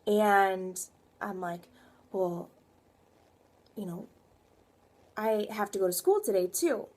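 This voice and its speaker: A woman's voice: mid-range voice, takes it slowly, darkish tone. A young woman fitness coach giving a rambling, emphatic motivational talk to her viewers. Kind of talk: motivational vlog.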